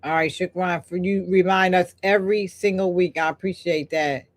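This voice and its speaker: An older woman's voice, on the low side and steady in tone, moves at normal speed as she hosts a live stream reading chat comments. Her cadence is emphatic and repetitive like a preacher's, and she interrupts herself with chatty asides.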